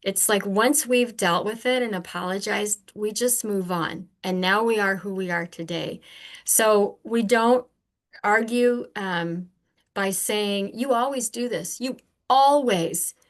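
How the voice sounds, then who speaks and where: An older woman who is a podcast guest, telling earnest personal stories in a candid, animated conversational way. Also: medium pitch, slow pace. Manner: earnest, animated, acts out remembered exchanges.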